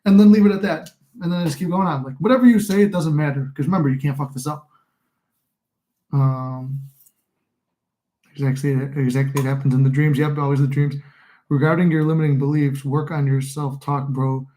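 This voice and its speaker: Young male host, slightly high, mellow voice, rambling, encouraging livestream talk, echoey room. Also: steady tone, a little fast. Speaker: livestream host and manifesting coach. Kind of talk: casual live-stream advice talk.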